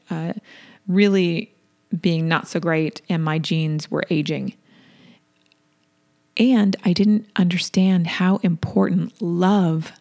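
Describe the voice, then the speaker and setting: A middle-aged woman hosting a solo wellness podcast, speaking in a soft, deliberate, affirming way and repeating key phrases. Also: fairly low pitch, gravelly. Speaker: podcast host and wellness coach.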